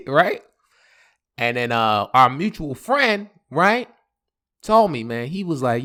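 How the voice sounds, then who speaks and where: A podcast host with a medium-pitched voice tells a story at a measured pace, pausing often. He's relaxed and animated, using lots of slang and fillers and acting out quotes in different voices.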